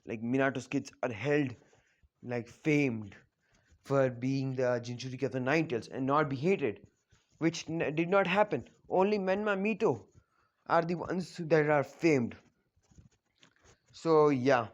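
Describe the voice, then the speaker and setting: A man casually retelling a fan story, rambling with lots of fillers and frequent self-corrections. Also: fairly high pitch.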